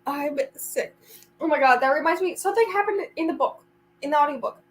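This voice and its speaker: A woman's voice: high-pitched, fast, low-quality recording. A woman vlogger chatting casually to a friend during reading sprints, rambling and giggling often.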